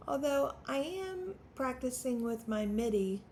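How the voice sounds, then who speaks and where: A woman's voice: sits high, animated, measured pace, darkish tone, a little hiss or hum. A woman in her fifties, a songwriter hosting her own channel, talking unscripted to the camera in a nervous, stammering, self-deprecating way. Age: 50s.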